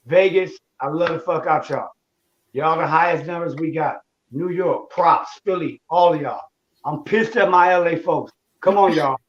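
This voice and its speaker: A man's voice: a little high, dull audio. A male comedian ranting with mock anger and heavy profanity, doing stand-up into a video call. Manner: mock-angry, profane, loud rants. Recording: echoey room with faint noise.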